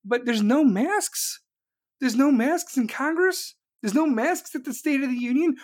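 A commentator delivering an angry, sarcastic political rant full of swearing, speeding up in bursts and slowing down to hit a point. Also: mid-range voice, sing-song. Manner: jumps between fast bursts and slow emphasis.

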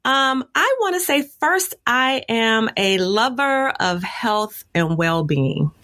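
Slow-speaking bright-voiced woman in her fifties. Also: on the high side, sing-song. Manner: unhurried, chuckling, warm self-introduction. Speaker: podcast guest. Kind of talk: casual podcast interview.

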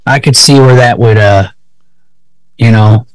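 A man's voice: mid-range voice, measured pace, rough recording. A man co-hosting a podcast over a video call, rambling casually with lots of swearing and fillers. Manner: rambling, profane, many fillers. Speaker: podcast co-host. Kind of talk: casual chat.

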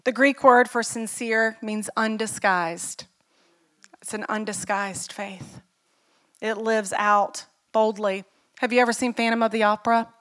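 A woman's voice: on the high side, fairly even intonation, measured pace, a bit bright, clear, resonant tone. A middle-aged woman pastor preaching a sermon in an earnest, personal way, telling stories and asking the listeners questions.

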